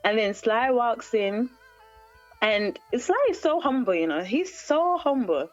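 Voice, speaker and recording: A Jamaican woman, a guest singer-songwriter, telling a story in an interview with lively energy, acting out other people's lines and laughing often. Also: a little high, slow pace, muffled recording, soft background music.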